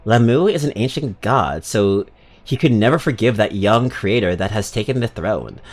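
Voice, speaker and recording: A man streaming a video game, giving rambling, casual commentary full of crude jokes and quick asides. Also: on the low side, lively intonation. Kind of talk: casual let's-play commentary.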